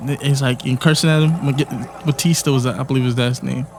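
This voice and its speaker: A man co-hosting a casual sports talk show, jumping in with quick, stammering repeats. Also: mid-range voice, fairly even intonation, darkish tone, a little hiss or hum. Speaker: podcast co-host.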